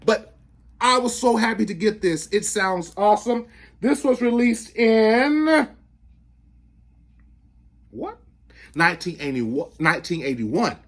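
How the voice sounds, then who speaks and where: An excitable man hosts a casual record show-and-tell, chatting straight to his viewers. His voice leaps around with lively ups and downs, yet he takes his time over every sentence. He is the kind of talker who slips into falsetto when a song grabs him. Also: slow pace, pauses often. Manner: excitable, breaks into falsetto singing; chatty, addresses viewers directly. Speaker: record collector host.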